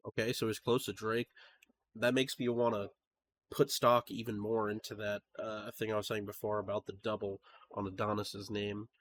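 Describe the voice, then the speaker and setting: A man's voice: fairly low pitch, normal speed. A man hosting a music reaction video, talking casually with fillers and restarts. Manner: relaxed, rambling with fillers and restarts. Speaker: music reaction channel host.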